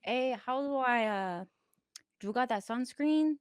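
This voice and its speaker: A woman putting on a laid-back street-tough woman with a slangy, swaggering drawl. The voice sits fairly high, and the recording is dry and close. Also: slow pace, fairly bright tone, clear, resonant tone, no echo.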